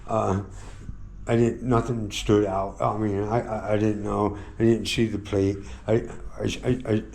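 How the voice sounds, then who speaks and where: An American man, a motorcycle travel vlogger, talking in a rambling, halting way with lots of swearing and repeated words, sore and shaken after a beating, in a hotel room. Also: fairly low pitch, flat delivery, creaky, darkish tone. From United States. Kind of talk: casual vlog monologue.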